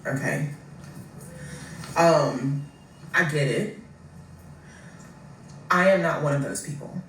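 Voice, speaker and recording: A blunt, profane political commentator works through an argument one step at a time. The voice sits at a middle pitch. The sound is set back from the mic in an echoey room, with a faint hum underneath. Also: takes it slowly, pauses often, a bit bright, far from the mic.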